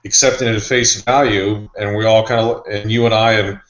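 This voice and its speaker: A man's voice: fairly low pitch, fairly even intonation, fairly quick, a bit bright, dull audio. Man talking recruiting in an echoey room. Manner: rambling, loose conversational delivery. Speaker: sports recruiting reporter. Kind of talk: casual podcast chat.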